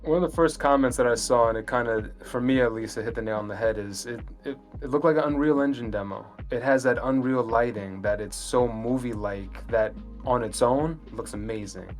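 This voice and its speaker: A man's voice: mid-range voice, a little fast, hardly any pauses, faint music behind. A man co-hosting a casual podcast, talking in a laid-back, offhand way. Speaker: podcast co-host. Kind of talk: casual chat.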